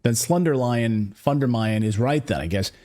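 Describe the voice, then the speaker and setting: An American man hosts a political commentary show with a warm, mellow voice. His pitch swings widely as he mocks and jabs with sarcasm. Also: a little fast. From United States. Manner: sarcastic, animated, mocking. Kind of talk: opinion commentary.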